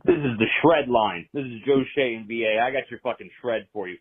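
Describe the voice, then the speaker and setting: A man's voice: mid-range voice, brisk, slightly rough. A man calling in to vent as an angry sports fan, swearing and ranting, his voice straining into cries. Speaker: caller. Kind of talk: angry fan rant on a call-in line. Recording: tinny phone line.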